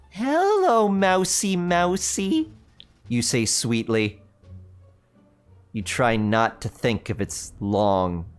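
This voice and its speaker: A man hosting a livestream, reading a spooky choose-your-own-adventure book aloud in a theatrical, playful way with joking asides. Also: on the low side. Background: faint background music.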